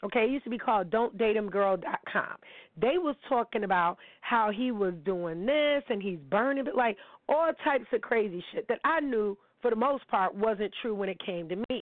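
A woman's voice: medium pitch, expressive, normal speed, no echo. A middle-aged woman, hosting a candid monologue in a blunt, profane, storytelling manner. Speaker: podcast host. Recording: dry tinny phone-like audio.

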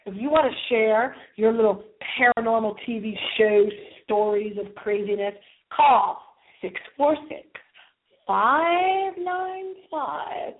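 Hosting a call-in internet radio show, a woman with a slightly high voice teases her listeners in a campy, theatrical way, drawing out her words in swoops. The sound comes through a tinny phone line.

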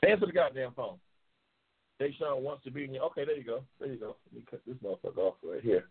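A man's voice: mid-range voice, fast talker, husky. A man hosting a live call-in talk show, trash-talking and teasing callers with lots of cursing. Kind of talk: casual live call-in banter. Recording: tinny phone-line sound.

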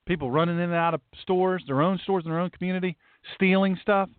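A man's voice: high voice, steady tone, fast talker, dry recording. A male host delivering a blunt, emphatic, sarcastic talk-show monologue. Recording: tinny phone-like, dry.

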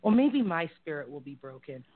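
A woman's voice: deep voice, sing-song, brisk. Boston-accented woman, tinny phone-like sound. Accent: Boston-area Massachusetts. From Massachusetts. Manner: rambling, frank and giggly. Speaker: co-host. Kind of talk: casual live talk show banter.

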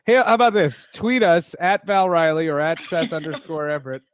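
A man's voice: a little high, lively intonation, no room sound, clean studio sound. A man hosting a podcast, chatting casually and joking with his co-host. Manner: joking, quick banter.

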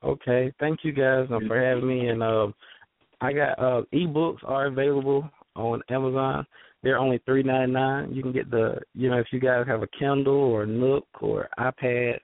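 A man from Georgia with a Southern accent, a guest author chatting in a halting, rambling way with many fillers, heard over a phone line. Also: mid-range voice, fairly even intonation, no room sound. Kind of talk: casual call-in chat.

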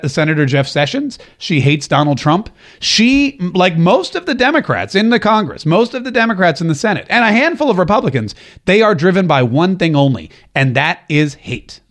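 A male talk radio host delivering a political monologue, sarcastic and emphatic, repeating phrases for effect. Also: a little high.

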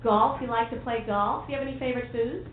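A woman's voice: fairly high pitch, fairly even intonation, quick pace, a little hiss or hum. A woman from New City, doing a stand-up comedy set with a brassy, playful manner and teasing the crowd. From New York City. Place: comedy club stage. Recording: echoey club, phone-like sound, crowd laughter. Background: audience laughing.

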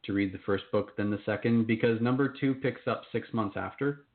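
A man with a somewhat low voice talks about his work in an upbeat, easygoing way. The sound comes through a thin, phone-like line. His delivery is relaxed and casual. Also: fairly quick. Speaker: author, interview guest. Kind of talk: casual interview chat.

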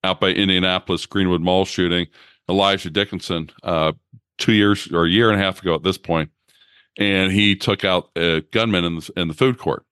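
Man, podcast host, very deep voice, smooth and resonant, dry sound. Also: fairly even intonation, normal speed, a bit bright, dry recording. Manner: conversational, explanatory. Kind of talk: podcast interview.

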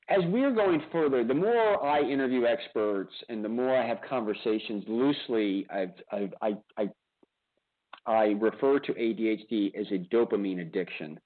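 A man hosting a radio interview show, talking casually and animatedly, with lots of restarts and repeated words. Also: medium pitch. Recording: tinny phone-like line.

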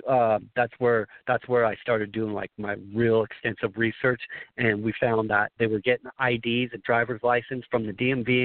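A man's voice: medium pitch, dry recording. A man from Southern California telling a long story on a talk radio call, rambling and emphatic, with many restarts. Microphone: phone. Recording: dry tinny phone line.

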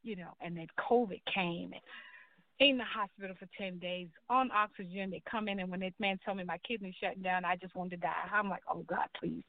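A woman's voice: medium pitch, fairly even intonation, fairly quick, no room sound. Woman telling her story over a tinny line. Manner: earnest storytelling, acts out quoted dialogue. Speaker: guest. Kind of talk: personal testimony in a talk show. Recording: tinny phone-like line, dry.

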